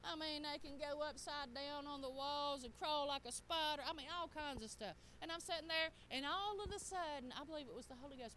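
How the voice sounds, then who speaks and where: A woman's voice: high voice, a little fast, noisy background. A middle-aged woman preaching a sermon, talking straight to the congregation in a folksy way.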